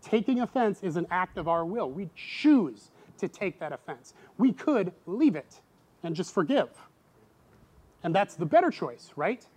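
A middle-aged man preaching a sermon in a lively way, acting out voices with sudden loud outbursts. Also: unhurried. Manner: animated, acts out quoted voices with big pitch jumps. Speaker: pastor.

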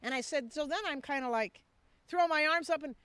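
A woman who leads a missions ministry, telling a personal testimony in an animated way and acting out the dialogue. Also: high voice, brisk, dry recording.

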